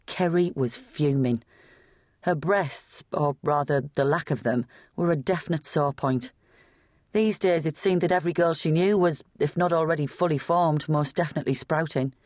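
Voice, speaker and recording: An audiobook narrator reading a gritty novel in a steady, matter-of-fact storytelling manner on a close studio mic. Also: medium pitch, no echo. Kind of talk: scripted narration.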